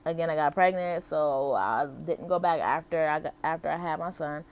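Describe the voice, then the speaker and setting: A woman's voice: low voice, moderate pace, smooth. A woman in her thirties from the United States, telling her personal story to camera in a chatty, heartfelt way full of "like" and "um". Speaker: vlogger.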